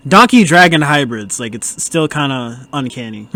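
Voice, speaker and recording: A man talking through a film on his podcast in a relaxed, slangy way. His voice sits fairly high and swings widely in pitch. He breaks into laughs often between remarks. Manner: laid-back, laughs often, loose slangy asides. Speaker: podcast host. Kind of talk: casual movie commentary.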